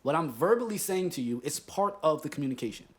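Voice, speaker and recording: A man with a slightly high voice co-hosts a casual podcast chat. He talks in an animated, profane, emphatic way as he tells his story. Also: fast. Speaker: podcast co-host.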